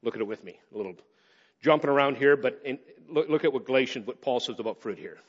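A male pastor preaching a sermon, swinging between raised emphasis and quick, low asides. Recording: dull sound with long hall reverb.

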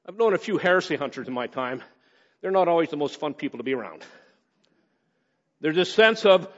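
Animated preaching man in a reverberant hall. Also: on the high side. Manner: animated preaching, rising on emphasis and dropping to quick asides. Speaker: pastor. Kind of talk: sermon. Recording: dull sound with long hall reverb.

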